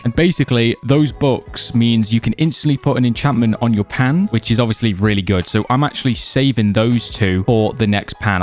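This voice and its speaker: A young man giving a casual game guide, chatty and loose with lots of fillers, his voice a little worn as he says he is losing it. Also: medium pitch. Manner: chatty, loose, many fillers like "like" and "you know". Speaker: gaming video creator. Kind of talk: casual gameplay guide commentary.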